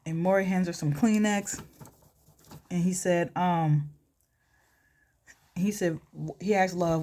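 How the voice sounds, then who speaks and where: A woman's voice: lowish voice, fairly even intonation, takes it slowly, long pauses, mellow. A woman casually telling a story during a makeup tutorial, chatty and full of fillers, with asides to herself as she works. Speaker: vlogger and storyteller.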